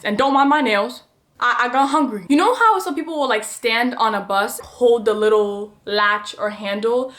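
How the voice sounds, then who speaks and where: Animated young woman telling a storytime. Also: a little high. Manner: animated, chatty, dramatic retelling. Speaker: vlogger. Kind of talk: storytime vlog.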